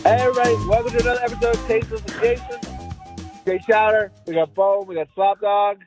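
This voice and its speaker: A man's voice: sits high, flat delivery, fast, music in the background. A middle-aged man from the United States hosting a podcast, rambling and swearing his way through casual chat with friends, recorded over a phone. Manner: rambling, heavy swearing, laughing. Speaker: podcast host. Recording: tinny phone line, dry.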